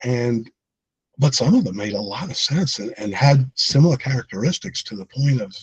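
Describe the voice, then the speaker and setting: A man's voice: mid-range voice, expressive, normal speed, slightly rough, dry recording, rough recording. A middle-aged man, a support group speaker, telling his own story in a conversational way, with fillers and laughing at himself now and then. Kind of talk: personal storytelling talk.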